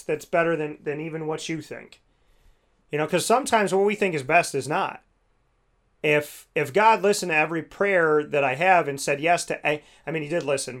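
A man's voice: fairly high pitch, a bit bright. A man talking casually about faith and prayer, rambling, with many fillers. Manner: rambling, many "you know"s, restarts.

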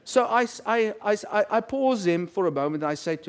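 Preaching in a high, animated voice, a middle-aged man tells his sermon like a chatty story, voicing the people he quotes. He speaks briskly, barely pausing.

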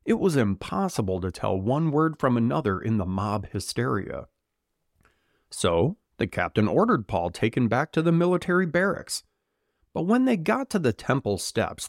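A man co-hosting a podcast, chatting casually with jokes and reading Bible passages aloud with animated delivery. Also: medium pitch, no room sound, clean studio sound. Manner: animated, joking, dramatizes quoted voices. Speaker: podcast co-host and scripture reader.

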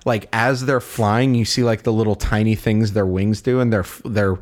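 A young man co-hosting a casual podcast chat tells game stories in a lowish voice at a moderate pace. He is an animated storyteller who laughs often and acts out the game characters' voices.

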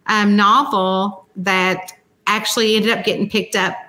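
A middle-aged woman from Kentucky with a regional accent, talking casually in an interview. Her voice is bright and forward, and she tells her stories with energy. She slips into quick impressions of the people she talks about. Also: medium pitch. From Central Kentucky. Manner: chatty storyteller, animated quoting of others. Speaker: guest author.

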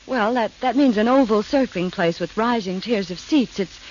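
An actress playing a brisk, sensible young woman who explains and scolds, in an old radio drama. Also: medium pitch, a little mellow, a little hiss or hum, lightly acted. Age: young adult. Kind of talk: 1940s radio drama acting. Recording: dull old radio recording.

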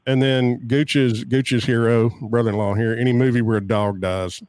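A man with a mid-pitched voice steers a casual podcast chat. He sounds relaxed and keeps the talk moving along. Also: normal speed. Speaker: podcast co-host.

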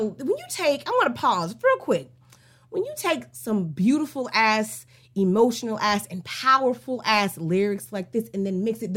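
Woman host ranting thru a song breakdown, swears a lot, kinda high voice, heated then slow n dreamy. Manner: emphatic and profane, swinging between heated rants and slow drawn-out musing. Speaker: podcast host. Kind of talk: casual song breakdown commentary.

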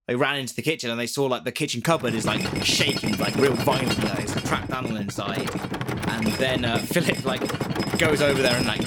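A man hosting a relaxed chat, retelling a spooky tale in a loose, rambling way. He jokes as he goes and laughs at his own asides. His voice sits at an ordinary middle pitch. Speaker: podcast host retelling a ghost story. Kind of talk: casual storytelling chat.

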